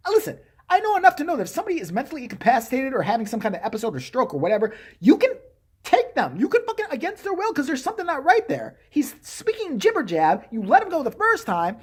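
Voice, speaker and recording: A woman's voice: high-pitched, fast, slightly rough. A woman vlogger telling a story in an exasperated, profane rant. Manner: profane, exasperated, animated ranting. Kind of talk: ranting storytime vlog.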